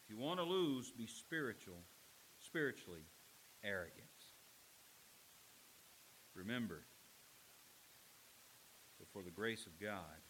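A man's voice: fairly low pitch, expressive, slow, pauses often, a bit bright, a little hiss or hum, rough recording. A man preaching a sermon as pastor, telling stories and building to emphatic warnings. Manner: storytelling preacher, rising to emphatic exhortation.

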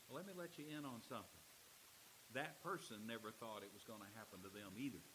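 A man preaches a sermon as pastor, telling stories and rising to emphatic warnings and exhortation. His medium-pitched voice is animated, fairly quick and a bit bright, in a low-quality recording with slight hiss or hum.

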